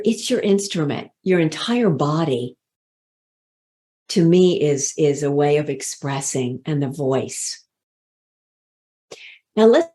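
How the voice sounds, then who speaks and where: A woman voice coach gives a motivational talk on leadership in a somewhat low voice. She takes her time, stretching out key words for emphasis and letting each phrase settle before the next. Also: warm tone. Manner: slow, deliberate, with drawn-out emphatic words.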